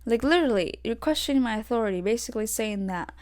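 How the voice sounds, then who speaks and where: A young adult woman hosting her own podcast, rambling through a story with lots of fillers and getting animated when irritated. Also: a little high, fast talker. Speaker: podcast host. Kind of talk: solo casual rant. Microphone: desk podcast mic.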